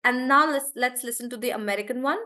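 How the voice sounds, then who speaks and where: A woman with a fairly high, sharp-toned voice teaches English pronunciation in a live online class. She slows right down and stretches each word to show its stress, then picks the pace back up to chat, naming students as she answers their questions.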